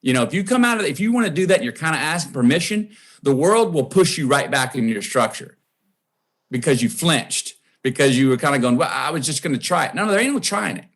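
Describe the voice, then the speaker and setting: A man with a Texan drawl tells a story in a podcast interview, his pitch rising and falling with lively swings. He acts out the people he quotes as he goes, dropping low and soft for some lines. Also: a little fast. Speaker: guest.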